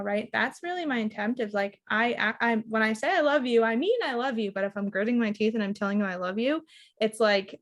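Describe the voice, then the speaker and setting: A woman's voice: a little high, fairly quick. A middle-aged woman, a relationship mentor, speaking thoughtfully as a podcast guest and acting out little quoted lines. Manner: thoughtful, reflective, restarts and acts out quotes. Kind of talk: casual interview chat.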